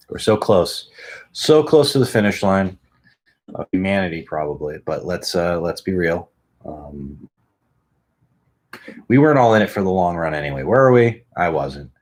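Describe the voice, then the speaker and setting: A man hosting a home podcast, rambling casually and swearing, talking close into a studio microphone. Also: sits low. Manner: rambling, profane, self-mocking. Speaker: podcast host.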